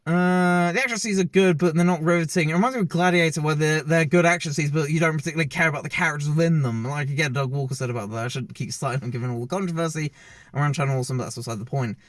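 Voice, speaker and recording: A man's voice: on the high side, rapid-fire, dry recording. A man giving a casual, rambling movie review with many fillers and restarts. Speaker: film reviewer.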